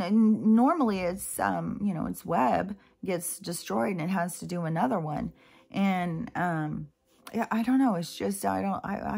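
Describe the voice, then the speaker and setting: A woman's voice: on the low side, vocal fry, darkish tone. Chatty rambling woman vlogger. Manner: chatty, meandering, many fillers and asides. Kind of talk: rambling casual monologue.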